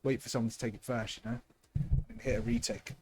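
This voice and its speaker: A young man, casting a live esports match with lots of energy, who is losing his voice from shouting. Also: mid-range voice, quick pace, vocal fry, slight background noise. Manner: excitable, shouting thanks to viewers. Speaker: streamer and match caster.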